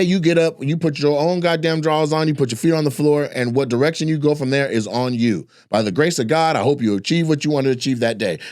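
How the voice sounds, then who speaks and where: A man's voice: fairly high pitch, a little mellow, no echo, studio quality. A man, a comedian, delivering a heated, profane, repetitive rant as comedic commentary.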